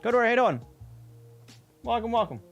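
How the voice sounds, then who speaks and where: A man's voice: very high-pitched, very animated, brisk, vocal fry, a bit bright, highs cut off, soft background music. A man streaming while scanning old workbooks, ranting about a utility bill in casual, heavily profane chat.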